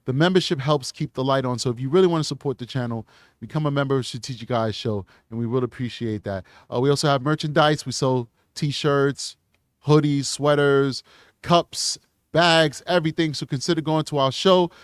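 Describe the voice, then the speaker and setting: A man's voice: medium pitch, normal speed, clear, resonant tone, no room sound, studio quality. A male host of a live true crime show, earnest and emotional, repeating himself and restarting phrases as he signs off. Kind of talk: live stream sign-off and channel pitch.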